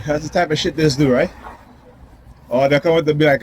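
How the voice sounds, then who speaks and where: A man's voice: fairly high pitch, steady tone, a little fast, long pauses, a little mellow, a little hiss or hum. A man ranting defiantly to the camera outdoors in a casual, confrontational vlog, laughing now and then. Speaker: vlogger.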